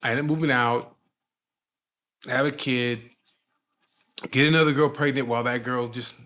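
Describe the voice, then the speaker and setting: A man in his forties from Southern California tells a story in a loose, casual way. He swears often and keeps dropping fillers. His voice sits at an ordinary middle pitch. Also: fairly even intonation, moderate pace, bright, forceful tone. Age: 40s. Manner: laid-back and profane, with frequent fillers.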